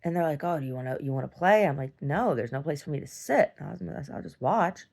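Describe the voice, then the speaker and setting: Low, gravelly woman rambling in a video diary. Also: animated, fast, darkish tone. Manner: meandering, many restarts and "like"s, swears casually. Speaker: video diarist.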